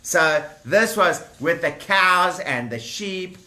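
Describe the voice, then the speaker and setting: Animated male storyteller for children with a high, bright voice, recorded in an echoey room. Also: slow pace, background noise. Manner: lively, animated, talks directly to the children with props.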